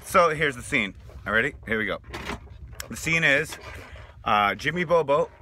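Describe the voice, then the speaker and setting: Halting, bright-voiced man. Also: mid-range voice, animated, faint music behind. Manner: halting, full of restarts and fillers. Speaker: sketch comedy performer. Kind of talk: improvised sketch setup.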